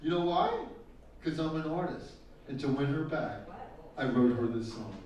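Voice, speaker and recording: A man's voice: fairly high pitch, huge pitch swings, normal speed, a little mellow, lo-fi sound. A middle-aged man doing live stand-up comedy with crude, teasing crowd work, laughing at his own jokes. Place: live event stage with audience. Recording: echoey hall taken from a distance with music.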